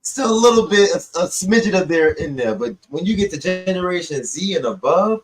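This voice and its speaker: A man, co-hosting a casual podcast chat, emphatic and animated with joking asides. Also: high-pitched, brisk, a crowd in the background, low-quality recording.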